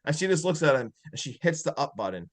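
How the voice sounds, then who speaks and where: A man co-hosting a podcast, excitedly retelling a horror movie scene by scene with lots of "like". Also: a little high, quick pace. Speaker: podcast co-host. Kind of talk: casual movie review chat.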